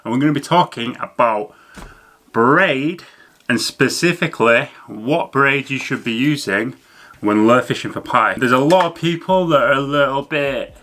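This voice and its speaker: Bright-voiced man explaining fishing gear. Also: mid-range voice, normal speed. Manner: chatty, loose with fillers and restarts. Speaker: fishing channel host. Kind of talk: casual educational talk to camera.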